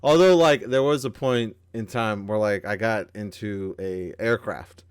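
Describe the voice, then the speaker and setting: Co-hosting a relaxed gaming news chat, a man rambles profanely, mocks himself and restarts his sentences a lot. He speaks unhurriedly in a lowish, clear, resonant voice, captured at studio quality with no room sound.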